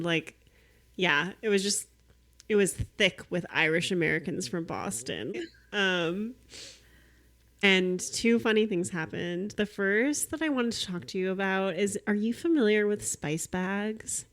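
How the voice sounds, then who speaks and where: A woman's voice: medium pitch, unhurried, fairly bright tone. A young woman co-hosting a podcast, chatting casually with frequent laughs and fillers. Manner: giggly, chatty, filler-heavy. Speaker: podcast co-host. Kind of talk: casual chat.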